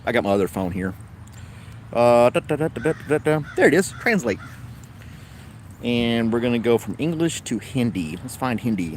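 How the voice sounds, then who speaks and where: A man with a Tennessee accent hosts a casual livestream chat, rambling along in an easygoing way. His voice is medium-pitched, with a little hiss or hum in the recording.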